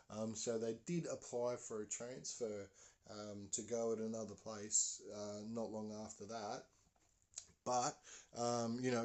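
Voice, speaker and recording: A man's voice: fairly low pitch, a little mellow. A man tells a spooky tale on his podcast, in a casual spoken style. He rambles, restarts his sentences and fills the gaps with ums and you-knows. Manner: rambling, many fillers and restarts. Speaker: podcast host.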